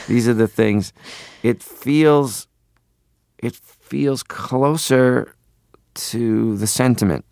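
A man's voice: mid-range voice, very slow, vocal fry, a little mellow, dry recording, studio quality. A man in his forties from Canada, a radio interview guest who talks in a playful, rambling way and keeps slipping into voices. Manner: playful, rambling, drops into voices and foreign phrases.

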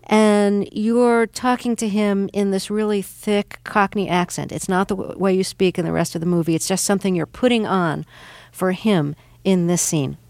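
A woman interviewer asking measured questions and introducing a clip. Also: medium pitch, fairly even intonation, darkish tone, dry recording. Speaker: radio interviewer.

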